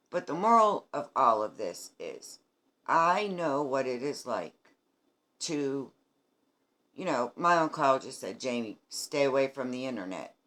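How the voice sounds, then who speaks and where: A woman's voice: very deep voice, a bit bright. A woman in her fifties from New England who speaks to viewers in an earnest, emphatic video diary about her treatment. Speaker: cancer patient sharing her treatment journey. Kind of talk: heartfelt personal video diary.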